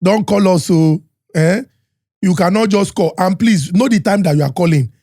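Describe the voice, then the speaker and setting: A Nigerian man hosting a podcast, doing sponsor reads and hype introductions in an energetic, Pidgin-mixed style with shouted announcements. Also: sits high, moderate pace, background noise. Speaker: podcast host. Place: podcast studio.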